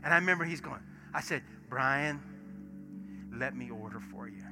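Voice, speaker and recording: A man, a pastor preaching in church and acting out stories, swinging from hushed asides to loud bursts. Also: mid-range voice, moderate pace. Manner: animated storyteller, acts out dialogue, swings from hushed to shouting. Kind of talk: sermon with storytelling. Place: church sanctuary. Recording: music playing behind sermon. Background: soft worship music.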